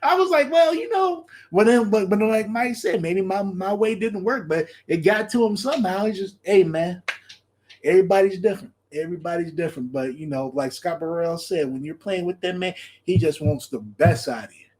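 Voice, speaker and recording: Animated high-voiced man hosting a podcast. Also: normal speed, hardly any pauses, a little hiss or hum. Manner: animated, laughs often, repeats phrases. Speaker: podcast host. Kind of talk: casual solo commentary.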